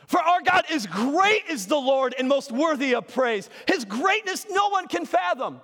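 Guy preaching in church, high voice, goes from shouting to real soft, jokes about himself, big echoey hall. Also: very animated, unhurried. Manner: swings from shouting to soft, near-whispered asides; self-deprecating, humorous. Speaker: pastor. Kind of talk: energetic sermon. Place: church sanctuary.

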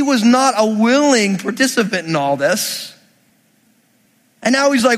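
Guy preaching a sermon, high voice, acts out the people in the story, long hall reverb. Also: big pitch swings, a little slow. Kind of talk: sermon, reading scripture and explaining it.

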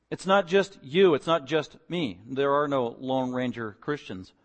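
A male pastor delivering a sermon in an emphatic, rising style, stacking phrase on phrase. His voice sits at an ordinary middle pitch. A long hall reverb trails every line. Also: unhurried, hardly any pauses. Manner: emphatic, building to loud repeated declarations.

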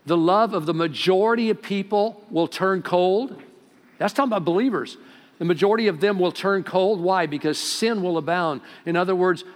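Man preaching in an echoing hall. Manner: preaching with sudden rises in volume and pitch. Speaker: pastor. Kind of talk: sermon. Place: church sanctuary. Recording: long hall reverb.

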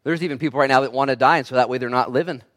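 A man delivers a sermon as a pastor, lurching from loud, emphatic bursts to quiet asides and voicing the characters in the lines he quotes. His voice sits in the mid-range and the delivery is rapid-fire.

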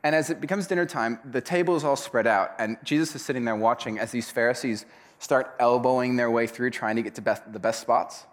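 A man preaching a sermon, retelling a parable in a casual, animated storytelling way. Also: medium pitch, fairly quick. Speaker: pastor.

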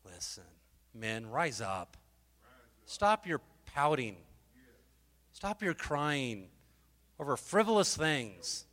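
Male preacher, fervent and emotional, bright forceful tone, booming reverb of a festival stage. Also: very animated, takes it slowly, long pauses. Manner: fervent, exhorting, swings from loud to hushed; emotional, repeats and restarts words. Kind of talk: sermon.

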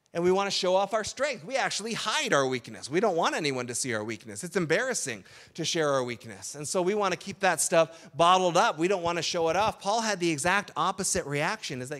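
A man's voice: high-pitched, lively intonation, a little fast, fairly bright tone. A man giving a sermon as pastor, talking in a conversational way with frequent "right?" asides.

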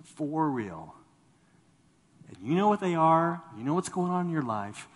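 Male pastor, sermon, slightly high voice, husky, loud swells and low drops, long reverberant hall. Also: measured pace. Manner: animated preaching, voice swelling then dropping low; repeats words when starting a thought.

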